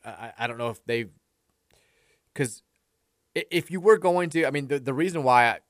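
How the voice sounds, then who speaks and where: A man's voice: mid-range voice, normal speed, dry recording, studio quality. A man co-hosting a sports radio show, chatting casually and acting out the friends in his stories. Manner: animated storyteller, acts out quoted friends loudly. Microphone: studio microphone.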